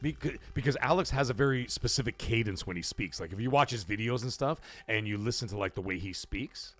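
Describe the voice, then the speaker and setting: A man's voice: mid-range voice, brisk, few pauses. A man hosting a late-night gaming livestream, chatting loosely, swearing freely and reading out and thanking viewers from the chat. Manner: animated, profane, thanks viewers and reads chat aloud. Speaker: livestream host.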